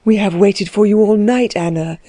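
Woman doing an aggrieved fussy older lady, reproachful, mellow tone, storybook. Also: medium pitch, unhurried, no room sound, studio quality, natural voice.

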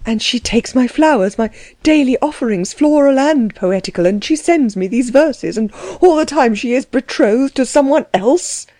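A woman's voice: high-pitched, animated, normal speed, few pauses, warm tone, no room sound, voice pushed up. A woman reading aloud, voicing a naive, lovesick young male vicar who talks eagerly. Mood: aggrieved. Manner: eager, then stunned and wounded.

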